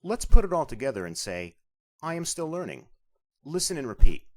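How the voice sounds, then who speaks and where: A man narrating a scripted language lesson as the instructor, explaining clearly and patiently. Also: on the high side, big pitch swings, moderate pace.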